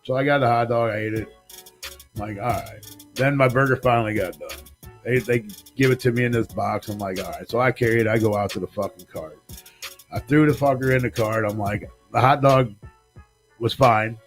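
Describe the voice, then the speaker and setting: On a live talk show, a podcast host in his forties tells a rambling, swear-heavy story in a casual storytelling chat, acting out other people's lines as he goes. His mid-range voice moves a little fast, with faint music running underneath.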